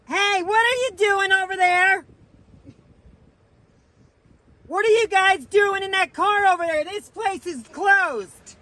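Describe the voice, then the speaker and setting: A man putting on a nosy, brash prankster voice, shouting and taunting a stranger in a parking lot. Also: very high-pitched, no room sound, pitched above the performer's own voice.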